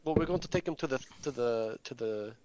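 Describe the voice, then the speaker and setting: A man's voice: medium pitch, fairly quick, darkish tone, a little hiss or hum, rough recording. A man playing a tabletop game, earnestly and methodically asking the game master about rules. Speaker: player. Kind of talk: casual tabletop play.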